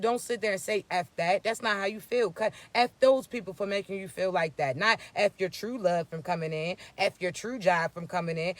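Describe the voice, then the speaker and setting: A man's voice: high-pitched, a bit bright, dry recording. A man giving a blunt, profane spiritual pep talk, scolding his listeners in streetwise slang. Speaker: spiritual reading host. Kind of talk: blunt motivational spiritual message.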